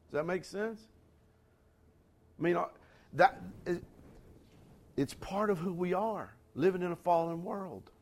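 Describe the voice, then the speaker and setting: A man's voice: sits high, animated, a little slow, pauses often. Man preaching a sermon, emphatic. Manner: rising to emphatic near-shouts on key lines; addresses the congregation directly, conversational asides. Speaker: pastor.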